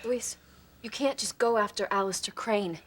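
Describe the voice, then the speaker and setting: A woman's voice: mid-range voice, normal speed, a little hiss or hum, natural voice. A woman playing an anxious, urgent young woman. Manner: urgent, hushed. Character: anxious young woman warning her partner.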